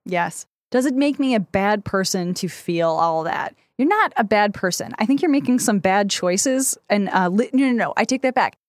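A woman co-hosts a casual advice podcast, her voice swinging up and down as she jokes and laughs between points. She thinks out loud with plenty of ums. The sound is close and dry. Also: medium pitch, no room sound. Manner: playful, laughs often, thinks aloud with fillers. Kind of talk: casual chat.

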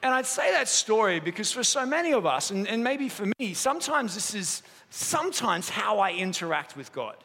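A man's voice: high-pitched, normal speed, hardly any pauses. A man preaching a sermon as pastor, telling stories and joking lightly with the congregation. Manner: lively storytelling, jokes with the room. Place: church auditorium. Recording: long hall reverb in a church auditorium.

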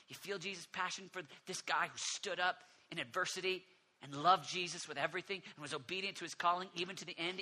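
A man preaching a sermon to a congregation in a church, animated and emphatic, building his points through repetition. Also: on the high side. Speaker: pastor.

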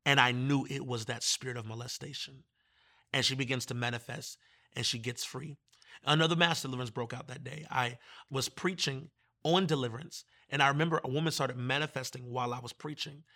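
A man from Virginia, a guest minister, telling his testimony in conversation in an animated way and acting out the voices he quotes. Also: medium pitch, a little fast.

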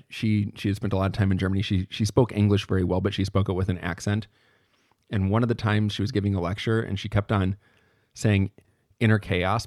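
A man's voice: fairly low pitch, a little mellow, no echo, studio quality. A young man giving a casual podcast lecture in a chatty way, often asking "right?" and restarting his sentences.

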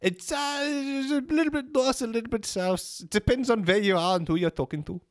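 A man's voice: very high voice, brisk, no echo, studio quality, pitched above the performer's own voice. A man improvising a disguised man who fakes an Austrian accent and insists he is a totally normal person. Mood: evasive. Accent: put-on German-style accent. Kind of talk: improvised comedy role-play.

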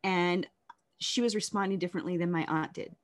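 A woman telling her life story in an interview, candid and reflective, often halting and restarting. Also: fairly low pitch, steady tone.

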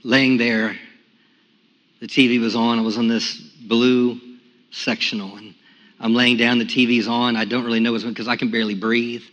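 A pastor giving a sermon with a personal testimony, going from quiet, hushed telling to loud, high-pitched praise. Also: male voice, flat delivery, moderate pace, muffled recording. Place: church sanctuary. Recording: echoey church sanctuary.

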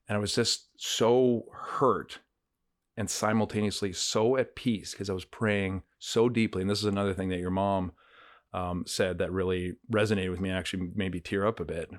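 A man with a low, deep voice co-hosts a faith podcast in a reflective conversation. He talks earnestly, circling back with fillers and restarts. The recording is dry and close. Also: no room sound. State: getting emotional. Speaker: podcast co-host. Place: countryside home.

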